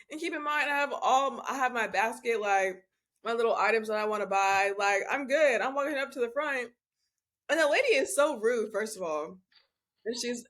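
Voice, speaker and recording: A woman's voice: on the high side, a bit bright. A young woman guesting on a casual podcast, telling stories in a chatty way full of fillers.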